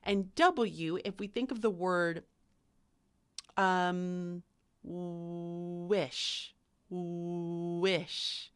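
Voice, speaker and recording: A woman's voice: fairly low pitch, drawn-out words, pauses often. A young adult woman teaching phonics to camera, speaking carefully and sounding out letters as she demonstrates. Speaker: literacy teacher.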